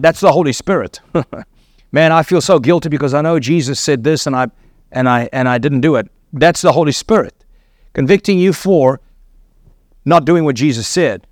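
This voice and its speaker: A man delivers a sermon in a fairly high voice, teaching earnestly and posing rhetorical questions to his listeners. The sound is dry and close, with no room echo. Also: moderate pace. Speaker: preacher.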